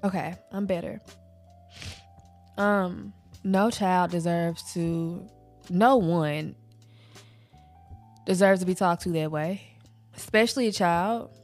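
A woman's voice: lowish voice, slow, long pauses, a little mellow, faint music behind. A young woman and mother talking candidly and emotionally in a personal vlog, casual and conversational. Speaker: vlogger, mother.

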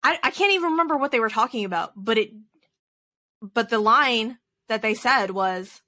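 A woman's voice: on the high side, lively intonation, normal speed, bright, forceful tone. A woman co-hosting a podcast, chatting casually about baseball with laughs and rambling restarts. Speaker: podcast co-host. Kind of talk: casual sports chat.

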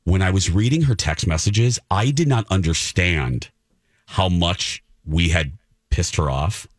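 A man's voice: deep voice, unhurried, no echo, clean studio sound. A middle-aged male host telling a story in a casual, theatrical way and acting out the quotes. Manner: animated, theatrical, acts out quotes. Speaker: radio show host.

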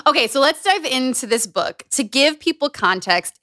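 A woman's voice: high-pitched, expressive, normal speed, pushed and bright, no room sound, clean studio sound. A woman hosting a podcast in casual chat, chatty and bubbly, laughing often. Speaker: podcast host.

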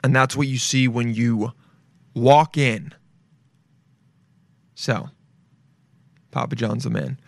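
A young man hosting his own podcast, rambling casually with lots of swearing and sudden bursts of loud excitement. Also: medium pitch, gravelly, dry recording. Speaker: podcast host. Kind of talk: casual solo podcast rant.

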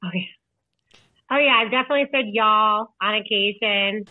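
A woman's voice: medium pitch, normal speed, no room sound. A young woman from Illinois, a podcast guest and author, chatting casually and saying "like" a lot. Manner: chatty, laughs often, says "like" a lot. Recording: tinny phone-like line, dry.

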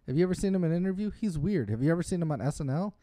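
Dude rambling about movies on a podcast, warm mellow tone, dry sound. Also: male voice, fairly high pitch, lively intonation, very fast, no room sound. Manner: rambling, enthusiastic, lots of fillers. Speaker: podcast co-host. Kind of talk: casual chat about movies.

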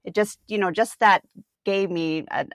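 A woman's voice: mid-range voice, normal speed, no room sound, studio quality. A woman from Washington state hosting a podcast interview, enthusiastic and laughing often. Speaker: podcast host. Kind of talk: casual interview.

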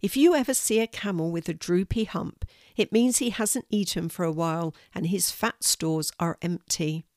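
A woman's voice: lowish voice, moderate pace, darkish tone, dry recording, natural voice. A wise, patient female guide from a children's story, voiced by a woman reading aloud. She explains things steadily and kindly, like a teacher. The recording is dry and close. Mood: explaining.

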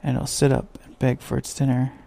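A man's voice: mid-range voice, normal speed, warm tone. A man voicing an eager, polite little girl while reading a storybook aloud. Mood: eager chatter. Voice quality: creaky, husky. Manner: eager, chatty, earnest.

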